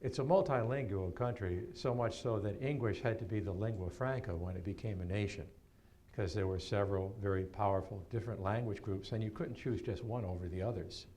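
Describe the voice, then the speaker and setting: A man's voice: a little fast, slight background noise. Older man telling a story onstage. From New York, USA. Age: 70s. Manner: animated, laughing storyteller with lively swings in pitch. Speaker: keynote speaker and storyteller. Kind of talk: storytelling keynote talk.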